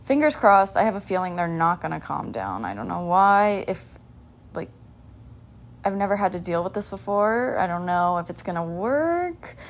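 A woman's voice: fairly low pitch, very animated, normal speed. A young woman hosting a casual podcast, rambling in a scattered, chatty way with lots of "like" and "um". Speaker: podcast host.

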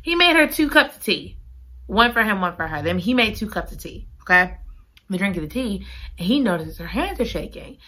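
A woman recapping a book in casual chat, gushing and giggly, repeating her excited exclamations. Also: medium pitch, brisk. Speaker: book reviewer.

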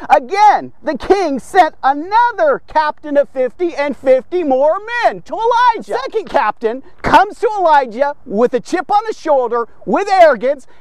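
A man's voice: very high voice, sing-song, normal speed, few pauses, no echo. A man preaching a devotional podcast sermon, fervent and emphatic, asking and answering his own rhetorical questions.

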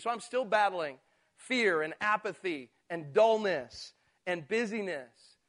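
A man with a high voice preaching a sermon. He drops to soft, low asides, then climbs into loud, drawn-out emphasis. Now and then he mimics people's excuses in a mocking tone. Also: lively intonation. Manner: swings from quiet asides to loud, slow emphatic build-ups.

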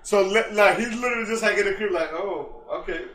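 A man with a fairly high voice co-hosts a podcast in loose, casual chat. He retells a sitcom scene with gusto, slipping into the characters' lines and laughing as he goes. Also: fast talker, a crowd in the background. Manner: animated storyteller, acts out characters' lines, laughs often, heavy profanity. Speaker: podcast co-host.

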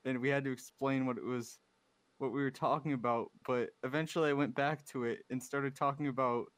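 A man's voice: medium pitch, fairly even intonation, a little fast, dry recording. Rambling young man telling a story. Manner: rambling storyteller with false starts and giggles. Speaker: podcast co-host. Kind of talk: casual chat.

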